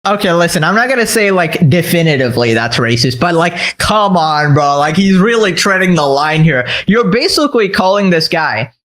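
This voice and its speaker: High-voiced man ranting in exasperation. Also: very animated, moderate pace, hardly any pauses, a bit bright. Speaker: streamer. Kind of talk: commentary rant.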